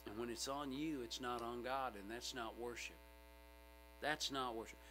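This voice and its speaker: A middle-aged male pastor preaching a sermon in a church sanctuary, emphatic and swinging from loud outbursts to hushed asides. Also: medium pitch, steady tone, normal speed, a little hiss or hum, rough recording.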